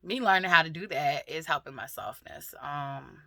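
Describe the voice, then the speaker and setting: A middle-aged woman talking candidly and emotionally in a personal vlog, swearing freely and pausing often with fillers. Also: low-pitched, creaky, bright, forceful tone, dry recording. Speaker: vlogger.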